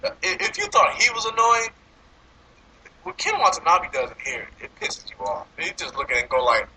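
Brief: high, very bright male voice, animated swooping delivery, casual profane movie rant, faint background noise. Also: brisk, poor audio. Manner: animated, profane, laughing often. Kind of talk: casual movie review chat.

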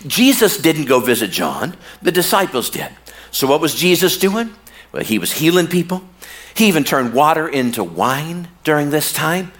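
A man preaching a sermon in a storytelling way, drawing out words for emphasis and slipping into casual slang with the congregation. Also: on the high side. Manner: animated storytelling with slow, drawn-out pauses for emphasis. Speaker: pastor.

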